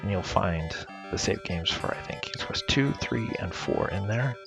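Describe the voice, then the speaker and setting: A man's voice: sits low, expressive, moderate pace, gravelly. A man giving casual commentary over a game he played, chatty and playfully paraphrasing the characters' dialogue. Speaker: let's play commentator. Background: game music.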